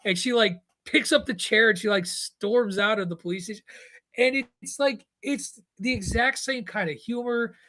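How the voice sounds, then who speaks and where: A middle-aged man hosting a podcast, telling stories in casual, animated chat and rambling with restarts. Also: sits high, moderate pace. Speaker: podcast host.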